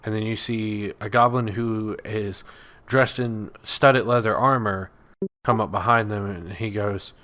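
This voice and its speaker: A man running a tabletop game as dungeon master. His voice is bright and forceful as he narrates casually, with plenty of uhs and likes along the way. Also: fairly low pitch, fairly even intonation, a little slow. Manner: casual, laughing narration with fillers.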